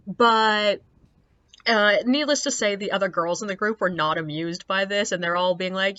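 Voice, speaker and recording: Bright-voiced woman telling wry tour stories. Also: mid-range voice, a little fast, dull audio. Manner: wry, animated, mimics people in quotes. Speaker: ghost tour guide. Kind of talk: casual storytelling to camera.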